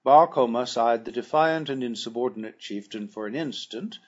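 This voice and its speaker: A man reading a classic adventure novel aloud in a measured, formal storytelling manner, with a husky voice. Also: medium pitch, dull audio. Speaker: audiobook narrator.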